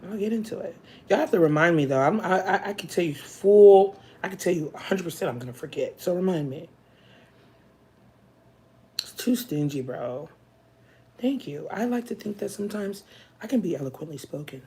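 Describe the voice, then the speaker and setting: A woman's voice: lowish voice, expressive, moderate pace, long pauses, mellow. An American woman hosting a casual live stream, chatting frankly and joking as she reads viewers' comments aloud. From United States. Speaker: livestream host.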